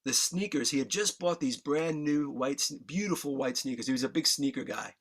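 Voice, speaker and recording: With a medium-pitched, fairly bright voice and a brisk pace, a guest musician from New York tells his story emotionally. Choked up, he speaks earnestly and candidly, swearing freely as feeling fills his voice.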